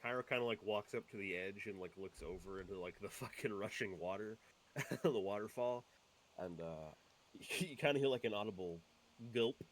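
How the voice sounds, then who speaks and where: A man's voice: lowish voice, normal speed, a little hiss or hum. A man playing a tabletop game who narrates his character's actions with laughter and swearing. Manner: laughing, profane, animated storytelling. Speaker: player.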